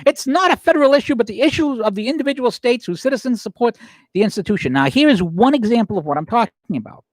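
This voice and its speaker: A male podcast host argues his case, with rhetorical questions and frequent self-corrections. His pitch swings widely as he presses each point. The sound is dry and close, with no room echo. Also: lively intonation, fast. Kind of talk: opinion commentary podcast, reading quotes aloud.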